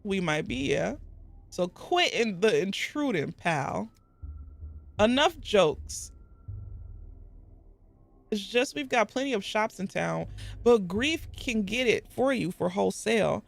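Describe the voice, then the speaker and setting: A woman's voice: mid-range voice, animated, takes it slowly, long pauses. Brash Jersey-accented male merchant, done by a woman reading a game, snappy and dismissive. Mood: gruff. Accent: put-on New Jersey. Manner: gruff, mocking, dismissive. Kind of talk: reading game dialogue aloud.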